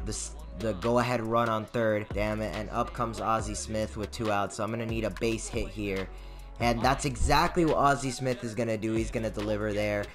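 Young male gaming creator, lowish voice, casual play-by-play that jumps from mumbling to excited shouts, faint music bed. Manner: excitable, swings from mumbled asides to loud outbursts. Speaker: gaming YouTuber. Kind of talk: casual gameplay commentary.

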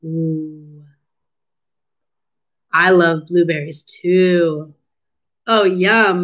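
A woman's voice: fairly low pitch, very animated, slow, long pauses, a bit bright, poor audio. A woman speech clinician leading a children's lesson, drawing out words in an encouraging, sing-song teacher voice. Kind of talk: children's syllable-clapping lesson.

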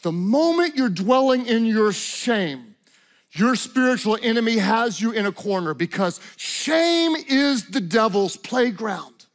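A middle-aged man preaching a sermon in a high, light voice. He acts out the people in his story and moves between hushed stretches and shouted peaks. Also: measured pace. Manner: animated preacher acting out quotes, swinging from hushed to shouting. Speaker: pastor.

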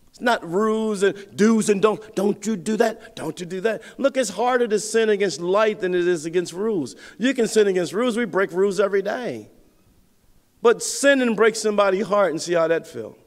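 High-voiced preaching man in a reverberant hall. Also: moderate pace. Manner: storytelling, lively swings in pitch and loudness. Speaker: pastor. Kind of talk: sermon.

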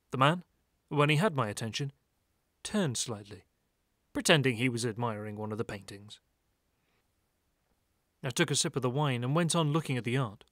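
A man reads a novel aloud in a calm, measured way, like an audiobook narrator. His voice sits at a middle pitch. The recording is dry and close-miked. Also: dry recording.

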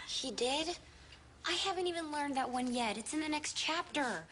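Sarcastic teen girl, high voice, heavy hiss on the track. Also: lively intonation, normal speed. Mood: annoyed. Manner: dry, sarcastic. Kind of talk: sitcom acting. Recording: noisy TV soundtrack.

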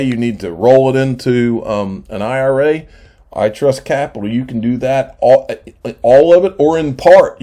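Guy doing a laid back crypto show, warm dark voice, kinda rambly and self-correcting. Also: medium pitch. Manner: loose, conversational, self-correcting. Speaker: crypto channel host. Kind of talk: casual screen-share commentary.

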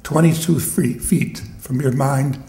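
A man's voice: mid-range voice, steady tone, slow pace, creaky, mellow, echoey room. A man voicing a streetwise talking dog in a poem, blunt and wry, recorded at a live poetry reading.

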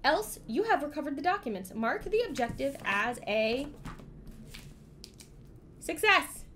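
Woman, slightly high voice, playful, reads game text aloud, live stream chat. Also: sing-song, measured pace, pushed and bright, slight background noise. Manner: playful, giggly, breaks into song. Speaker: streamer running a solo-style game. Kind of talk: reading a gamebook aloud with casual chat. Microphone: streaming microphone.

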